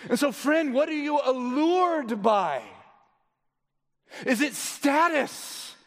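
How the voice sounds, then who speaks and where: A male pastor with a high voice delivers a sermon, firing rhetorical questions at his listeners. He moves between loud emphasis and low, quiet stretches. His words ring with the long reverb of a big hall. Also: lively intonation, slow.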